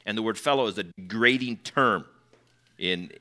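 A man preaching a sermon as pastor, telling stories with animated asides and acting out the people he quotes. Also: fairly low pitch, moderate pace. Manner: conversational asides to the congregation.

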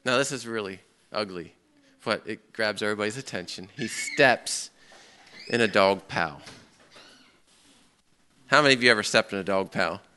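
A man teaching a Bible class in a lively way. He tells a story and keeps asking his listeners questions. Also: on the low side, normal speed, pauses often, slight background noise. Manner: lively, asks the audience questions, acts out a story. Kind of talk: interactive sermon with storytelling.

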